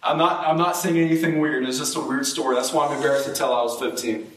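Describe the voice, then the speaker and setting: A man preaching a sermon and telling a personal story, his voice jumping up high when he gets excited. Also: fast talker, echoey room, recorded from a distance, poor audio.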